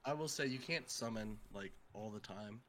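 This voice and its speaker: A man's voice: fairly low pitch, moderate pace, a bit bright, a little hiss or hum. A man co-hosting a casual gaming chat, who laughs often and swears casually. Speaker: podcast co-host.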